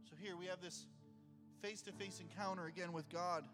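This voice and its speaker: A man's voice: sits high, fairly even intonation, a little fast, in a large hall, over music. A male pastor preaching a conversational sermon and reading scripture aloud, heard in a church sanctuary.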